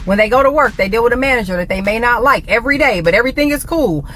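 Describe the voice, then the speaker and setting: A woman in a played clip, lecturing on relationships in a rapid, pointed way. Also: fairly high pitch, expressive, a bit bright, a little hiss or hum.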